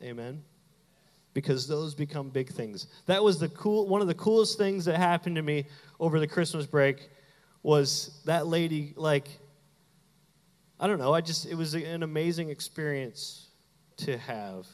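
A man preaching a sermon as pastor to his church, talking in a conversational, playful way and acting out quick asides. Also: on the high side. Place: church sanctuary. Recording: hall reverb.

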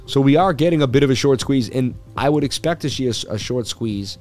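A man's voice: medium pitch, expressive, fairly quick, darkish tone, soft background music. A man hosting a casual market analysis livestream, joking loosely and riffing as he talks through the charts. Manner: loose, jokey, riffs and repeats himself. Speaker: crypto livestream host.

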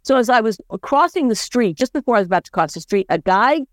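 A woman podcast host telling a story in relaxed, casual chat. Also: fairly high pitch, fast, dry recording, studio quality.

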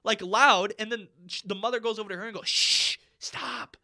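A man's voice: sits high, steady tone, fast, bright, forceful tone. A young man co-hosting a casual podcast chat, ranting and swearing freely with lots of fillers. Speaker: podcast co-host.

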